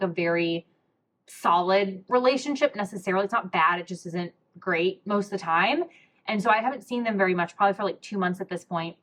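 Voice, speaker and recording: A woman's voice: mid-range voice, a bit bright. Young woman telling an emotional personal story. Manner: emotional, candid, many fillers like "like" and "um". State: close to tears. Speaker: podcast host.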